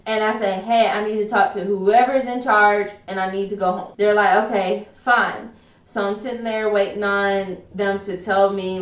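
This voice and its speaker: A young woman telling a personal story in a vlog, quick and emphatic, acting out what people said. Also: mid-range voice. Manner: fast, emphatic retelling with acted quotes. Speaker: vlogger. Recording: roomy echo, mic at a distance.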